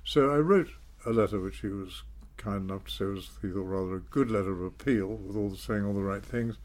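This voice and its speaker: An older man, telling his story in a measured, self-deprecating way in an interview. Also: fairly low pitch, a little mellow. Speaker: interview guest, former politician. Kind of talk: reflective storytelling.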